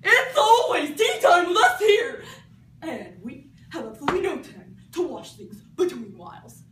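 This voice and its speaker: A young woman performing a frantic, shouting male Hatter at a tea party in a humorous storytelling piece. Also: very animated, moderate pace. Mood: manic shouting. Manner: shrill, shouting, manic. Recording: echoey room from far off, noisy.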